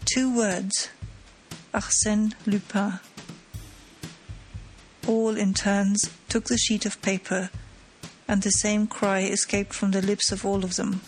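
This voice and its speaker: A woman narrating an audiobook of a classic mystery in a measured, dramatic storytelling manner. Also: mid-range voice, little pitch movement, soft background music, poor audio. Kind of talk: scripted narration.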